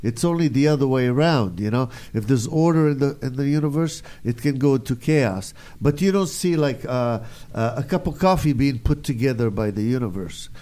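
A man's voice: medium pitch, animated, normal speed, hardly any pauses, dark tone. A man hosting a casual chat, rambling with lots of fillers and laughing often. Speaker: host.

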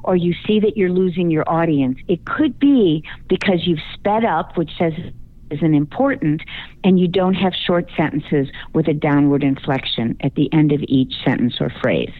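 Woman guest, speaking coach, lowish voice on a phone line, confident and emphatic. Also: moderate pace. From Chicago, US. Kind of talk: radio interview.

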